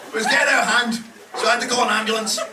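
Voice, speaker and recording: A man's voice: very high voice, fairly even intonation, rapid-fire, over a noisy crowd. A Scottish man performing a stand-up comedy set, telling a brash, profane story and acting out the other voices. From Scotland. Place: comedy club stage with audience laughter. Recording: echoey club room, distant mic, loud background noise.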